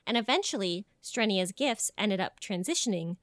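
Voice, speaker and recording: Lively, joking young woman podcaster. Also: medium pitch, normal speed, no room sound, studio quality. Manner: animated, jokey, swearing storyteller. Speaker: podcast co-host. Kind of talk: casual podcast chat.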